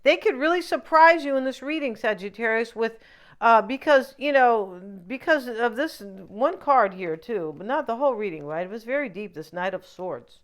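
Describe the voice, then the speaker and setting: A woman talking through a tarot reading in a loose, rambling way, often wandering off into opinionated asides. Her voice sits a little high and sounds smooth and clear. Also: lively intonation, moderate pace. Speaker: tarot reader. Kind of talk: casual tarot reading monologue.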